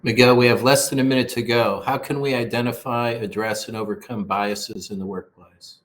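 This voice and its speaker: A man's voice: medium pitch, steady tone, moderate pace. A man hosting an interview series, keeping time and reading a polite closing announcement. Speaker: interview host. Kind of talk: scripted show wrap-up.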